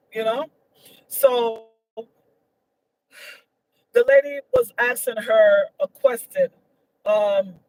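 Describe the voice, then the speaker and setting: A woman's voice: on the high side, a little hiss or hum, poor audio. A woman giving her opinions in a casual vlog, emphatic and repetitive, her voice leaping up when she gets indignant. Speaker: vlogger.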